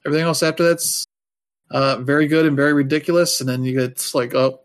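A man's voice: fairly high pitch, steady tone, fast. A man chatting casually as a podcast co-host, rambling loosely with lots of fillers and dropping wry, offhand asides. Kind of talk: casual chat.

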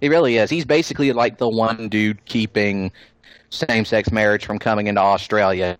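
A man's voice: fairly low pitch, steady tone, brisk, no room sound. A man hosting a casual podcast chat, joking and sarcastic as he talks with his co-hosts. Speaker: podcast host.

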